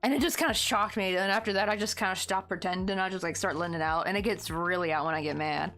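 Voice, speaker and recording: A woman's voice: lowish voice, quick pace, fairly bright tone, soft background music. A young woman with a Southern Tennessee accent chats at her desk while crocheting, rambling with lots of fillers as she answers viewers. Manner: chatty and rambling, full of "like" and "um", answering viewer chat. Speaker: crochet live streamer. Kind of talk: casual chat while crafting on stream.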